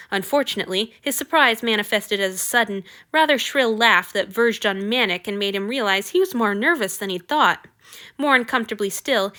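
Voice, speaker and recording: A woman reads a fiction story aloud with expressive, lively narration. Her voice is bright and crisp. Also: medium pitch. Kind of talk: audiobook reading of fiction.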